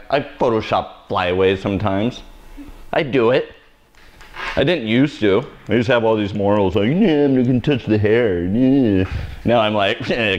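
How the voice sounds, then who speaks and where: A man hosting a live haircut tutorial, cracking self-mocking jokes and blunt asides as he cuts. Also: low voice. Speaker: hairstylist host of live haircutting show.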